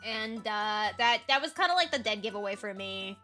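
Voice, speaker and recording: Chatty, bright-voiced young woman streamer. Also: mid-range voice, expressive, moderate pace, soft background music. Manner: chatty, laughs often, rambling with fillers. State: hoarse, tired. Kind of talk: casual chat recapping a role-play game.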